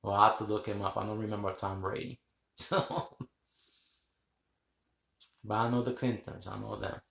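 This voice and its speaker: A man's voice: lowish voice, steady tone, moderate pace, creaky, fairly bright tone, echoey room, a little hiss or hum. A man hosting a rambling live stream, chatting with viewers, laughing often and swearing casually. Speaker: livestream host.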